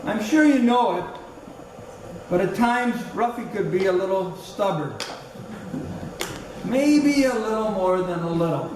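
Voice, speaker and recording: A man's voice: high-pitched, lively intonation, unhurried, long pauses. Older man giving a eulogy in an echoey hall. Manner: storytelling, fond, chuckling. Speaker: eulogist, former school colleague. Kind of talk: funeral eulogy with anecdotes. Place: large hall at a funeral service. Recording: echoey hall, distant mic, noisy.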